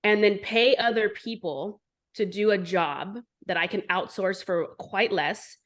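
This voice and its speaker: A woman in her forties, an entrepreneur guest telling her story in an interview, blunt and animated, with frequent swearing. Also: mid-range voice, unhurried. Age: 40s.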